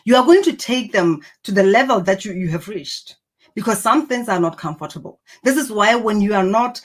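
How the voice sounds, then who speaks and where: A woman's voice: medium pitch, lively intonation, normal speed. A woman giving an earnest, encouraging motivational talk to camera, reflecting on personality and purpose. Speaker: personal growth speaker.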